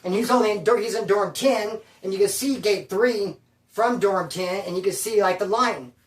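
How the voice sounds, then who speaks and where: A man's voice: high voice, normal speed, recorded from a distance. A man telling a prison story in casual, profane slang, animatedly quoting the people in it. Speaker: storyteller recounting prison life. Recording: roomy, voice from afar.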